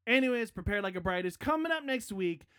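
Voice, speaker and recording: A podcast host in a casual outro, chatty and rambling, poking fun at themself and now and then bursting into loud hype yells. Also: mid-range voice, lively intonation, quick pace, no room sound, studio quality. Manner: chatty, self-mocking, rambling.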